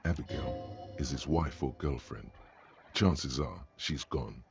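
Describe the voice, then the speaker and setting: A man giving gravelly scripted narration as a game's narrator voice. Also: very deep voice, slow pace, dull audio, soft background music, exaggerated voice. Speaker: game narrator voice.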